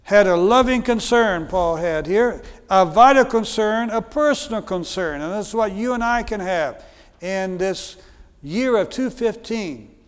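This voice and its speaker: High-voiced American preacher in a reverberant church. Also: male voice, lively intonation, unhurried, clean tone. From United States. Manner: earnest, repeats phrases, frequent fillers. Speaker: guest preacher. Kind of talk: sermon. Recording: long hall reverb.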